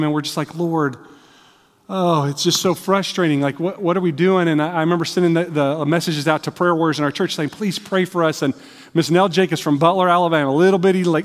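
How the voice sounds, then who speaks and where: A man preaching a sermon in a church, telling personal stories in a conversational way. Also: fairly high pitch. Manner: conversational storytelling with restarts. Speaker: missionary preacher. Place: church sanctuary. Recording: church hall with long reverb.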